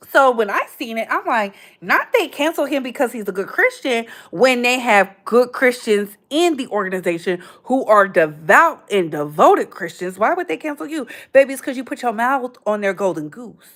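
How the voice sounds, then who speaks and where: A woman in her thirties hosting a casual livestream, chatty and animated, full of slang and calling viewers "baby". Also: a little high, moderate pace. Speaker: livestream host.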